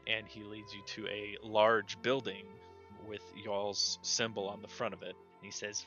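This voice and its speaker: A man narrating as game master in a relaxed, chatty way. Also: on the low side, moderate pace, dull audio, soft background music.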